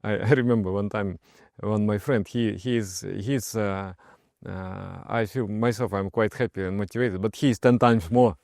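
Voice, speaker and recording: Gravelly meditation teacher telling stories. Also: male voice, lowish voice, normal speed, no echo, clean studio sound. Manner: expressive, emphatic, with frequent hesitations. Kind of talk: personal storytelling talk.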